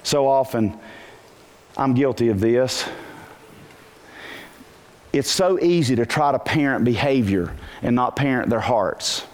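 Animated male preacher with lively pitch. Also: takes it slowly, long pauses. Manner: animated preaching, rhetorical questions, bursts of shouting. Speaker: pastor. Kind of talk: sermon.

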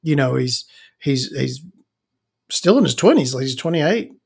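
A man's voice: mid-range voice, expressive, measured pace, creaky, a little mellow, husky. A man hosting a podcast, telling crude stories in a rambling casual monologue and calling himself Victoria. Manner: frequent fillers and self-restarts. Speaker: podcast host.

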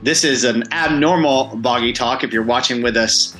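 Male pastor, casual podcast co-host, bright tone, jokey. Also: mid-range voice, moderate pace, soft background music, rough recording. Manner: joking, self-deprecating. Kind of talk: casual chat.

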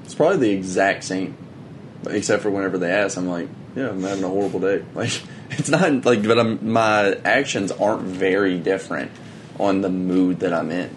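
A young man co-hosting a podcast in casual chat, agreeable and soft-spoken. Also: deep voice, normal speed, slight background noise. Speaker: podcast co-host.

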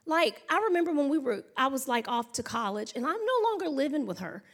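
A woman pastor, preaching in a chatty, story-driven way. Her voice sits high and she talks to the congregation warmly as y'all and honey. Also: fairly quick. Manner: chatty, animated storytelling with laughs and acted-out noises. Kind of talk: sermon.

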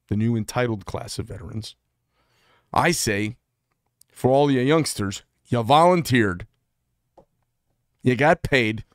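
With a medium-pitched voice captured in clean studio sound without echo, a middle-aged veteran vlogger talks candidly. He rambles bluntly and tends to cut himself off and begin his sentences again.

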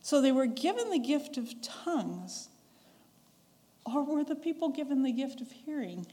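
This pastor, a woman from the western United States with a Western American accent, has a high-pitched, very animated voice with a dark tone and a measured pace. She preaches conversationally, chuckling and acting out quoted voices, and the long reverb of a church sanctuary surrounds her.

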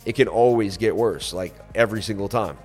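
Low-voiced laid-back crypto streamer. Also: male voice, a little fast, breathy edge, faint music behind. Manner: relaxed, rambling, many fillers. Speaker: crypto livestream host. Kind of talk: casual livestream chat reading super chats. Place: on vacation in Florida.

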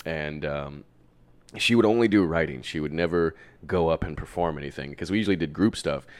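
Very deep-voiced man rambling. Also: fairly quick. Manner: rambling, self-deprecating, laughs often, swears freely. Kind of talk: casual storytelling chat.

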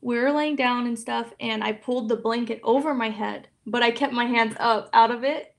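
A young woman speaking as a podcast guest, talking openly and emotionally in a casual, soft way with many fillers. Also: fairly high pitch, fairly even intonation, normal speed, creaky. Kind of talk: casual interview chat.

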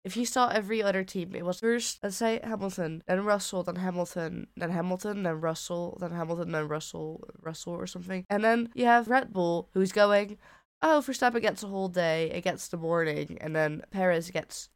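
A woman's voice: on the low side, fairly even intonation, moderate pace, few pauses, clear, resonant tone, dry recording, studio quality. A young woman co-hosting a podcast in casual chat, chatty and playful, often quoting others in mock voices. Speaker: podcast co-host.

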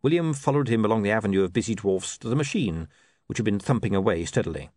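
Guy narrating an audiobook, dry and wry, pitch jumps around a lot. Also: expressive, fast, darkish tone, dry recording. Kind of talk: scripted narration.

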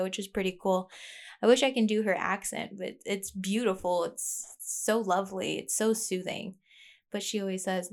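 A young woman talking alone into her podcast mic, rambling and reflective, full of fillers and restarts. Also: medium pitch. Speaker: podcast host. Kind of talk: casual personal monologue. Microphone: plugged-in podcast mic.

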